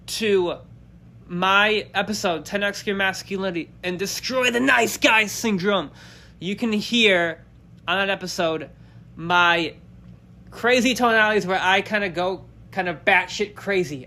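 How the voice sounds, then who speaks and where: Guy doing a solo podcast rant, high bright voice, swears a lot, faint music behind. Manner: blunt, profane, emphatic, swings pitch up and down. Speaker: podcast host.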